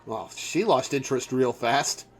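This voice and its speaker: A man's voice: mid-range voice, animated, unhurried. A man streaming a game, reacting aloud with wry asides. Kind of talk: live game commentary.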